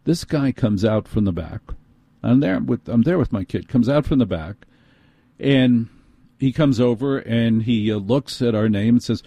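A middle-aged man with a New York accent hosts a talk radio show, spinning an exasperated, sardonic story in quick bursts. His voice is mellow and unhurried in tone, at an everyday pitch, heard dry and close. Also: no echo. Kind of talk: ranting storytelling monologue.

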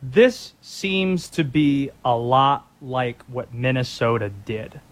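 A man's voice: medium pitch, animated, takes it slowly. A man co-hosting a sports talk radio show, teasing his partner and steering into the next topic. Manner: wry, teasing, sets up segues.

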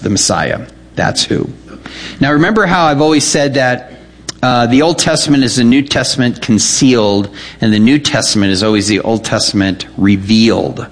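A man preaching as a pastor, teaching verse by verse, emphatic and full of questions to the audience. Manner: emphatic, rises in pitch when reading scripture aloud; repeats words and asks the audience questions. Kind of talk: expository Bible teaching.

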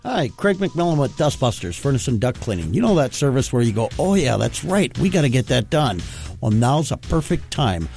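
A man's voice: medium pitch, very animated, normal speed, vocal fry, darkish tone. A man reading a radio ad for his own business in a folksy, plain-spoken way. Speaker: business owner in an ad. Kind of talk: radio ad read. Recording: faint music bed.

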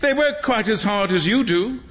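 A man voicing a good-natured, kindly young man who speaks in a gentle, earnest way. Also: sits high, animated, moderate pace, voice pushed up. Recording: long hall reverb.

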